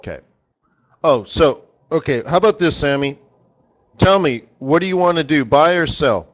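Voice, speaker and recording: A chatty, animated man hosts a live teaching stream and talks straight to his viewers by name. His voice sits a little higher than most men's. The audio is slightly dull and lo-fi. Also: normal speed. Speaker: trading strategist hosting a live session.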